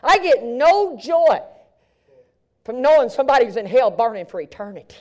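A man preaching a sermon at a live event, swinging from hushed near-whispers to shouting with a fervent, repetitive cadence. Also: extremely high pitch, lively intonation, moderate pace.

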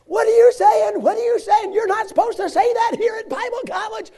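A man voicing a short, furious little male professor who yells and jumps up and down. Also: very high-pitched, brisk, voice pushed up. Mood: yelling outraged. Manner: yelling, jumping up and down.

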